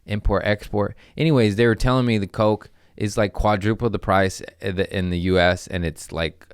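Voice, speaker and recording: A man's voice: lowish voice, steady tone, moderate pace, clear, resonant tone, no echo, studio quality. A man hosting a podcast from home, telling loose, jokey stories in casual chat with swearing and trailing asides. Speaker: podcast host. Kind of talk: casual rambling storytelling.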